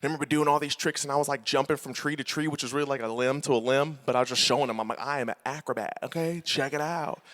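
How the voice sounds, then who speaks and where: A young man giving a storytelling sermon to a conference crowd, animated and playful, swinging between loud outbursts and soft asides. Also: mid-range voice, racing, few pauses. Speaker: conference speaker. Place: large hall with live audience.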